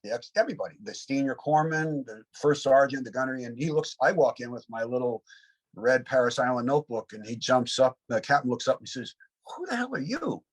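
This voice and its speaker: On poor audio, a man in his seventies who served in Vietnam reflects on the war in an interview, rambling and peppering his stories with "you know." He speaks briskly in a steady, mid-range voice.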